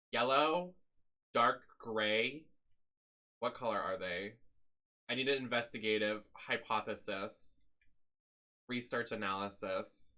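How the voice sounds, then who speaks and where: A man's voice: lowish voice, slow pace, pauses often, sharp tone. A man live-streaming a video game, making sassy, crude, joking asides.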